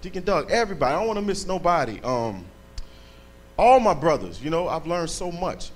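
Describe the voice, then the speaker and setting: A man's voice: on the high side, very animated, a little fast. A man giving a fervent, thankful testimony at a church service, speaking emphatically to the congregation.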